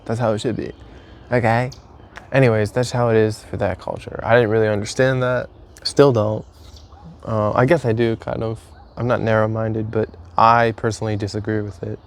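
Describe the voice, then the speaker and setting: A man's voice: on the low side, creaky. Candid young man rambling about a breakup. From United States. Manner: candid, rambling, swears freely, self-mocking. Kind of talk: casual storytelling to camera.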